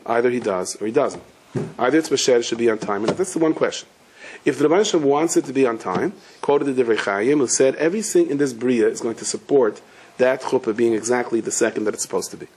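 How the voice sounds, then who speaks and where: A man's voice: mid-range voice, lively intonation, quick pace, a little mellow, slight background noise. A rabbi giving a storytelling sermon, talking to his audience in a casual, joking way and answering his own questions. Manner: conversational, humorous, asks the audience questions and answers them.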